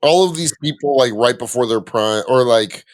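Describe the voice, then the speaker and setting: A man's voice: medium pitch, moderate pace. A man co-hosting a casual comics podcast, talking in a laid-back, slangy way. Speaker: podcast co-host. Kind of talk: casual chat.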